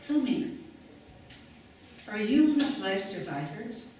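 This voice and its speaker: A woman's voice: mid-range voice, big pitch swings, takes it slowly, warm tone, slight background noise. A woman giving an inspirational talk on stage, telling a story in an emphatic way. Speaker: speaker. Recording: echoey hall from far off.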